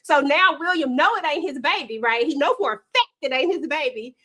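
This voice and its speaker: A woman hosting a casual live panel, playful and emphatic as she steers the talk. Her voice sits high with a bright, forward tone. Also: animated, a little fast. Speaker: host. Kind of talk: casual chat.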